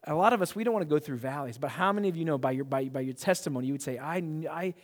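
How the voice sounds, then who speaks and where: A man's voice: a little high, racing. Man preaching in an echoey hall. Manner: animated, swings from hushed prayer to loud excited asides; repeats words and restarts often. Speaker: pastor. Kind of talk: sermon. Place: church auditorium.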